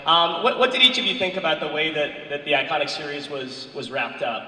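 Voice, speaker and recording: A man moderating a convention panel, asking questions in a hesitant, halting way. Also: on the high side, sharp tone. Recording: echoey hall from far off.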